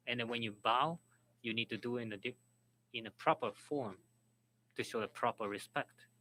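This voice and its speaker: A man moderating and interpreting at a symposium, speaking haltingly and restarting words. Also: medium pitch, sharp tone, slight background noise, low-quality recording. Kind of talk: symposium panel talk.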